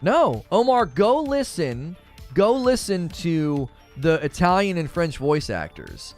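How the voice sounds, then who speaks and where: Male gaming livestream host, casual and opinionated, lively pitch, faint music bed. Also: takes it slowly. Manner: animated, opinionated, thinks aloud; briefly mimics cartoon voices in a high falsetto. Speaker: gaming news host reading live chat.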